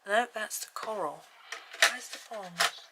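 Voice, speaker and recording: A woman's voice: medium pitch, slow pace, very noisy. A woman with an English accent, chatting casually and thinking aloud as she colours, with rambling asides. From England. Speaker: colouring channel host. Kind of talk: casual chat while colouring.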